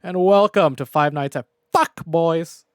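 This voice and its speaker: A man putting on the cheerful, booming voice of a male video game host announcing his intro. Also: measured pace, smooth, no room sound, studio quality, lightly acted. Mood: hyped. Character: [impression of] an upbeat male YouTube gamer host.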